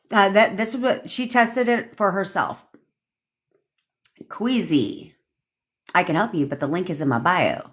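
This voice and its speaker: A young woman with a low, deep-set voice rants to her livestream viewers, talking bluntly and swearing freely. She laughs often between points and speaks into her phone. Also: very animated, unhurried. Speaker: manifestation coach. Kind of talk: livestream rant.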